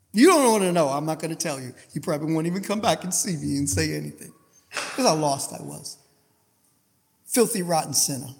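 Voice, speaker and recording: A male preacher delivering an impassioned sermon. He fires rhetorical questions at the congregation and swings between hushed asides and loud outbursts. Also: a little high, lively intonation, moderate pace, creaky, pauses often, in a large hall, noisy background.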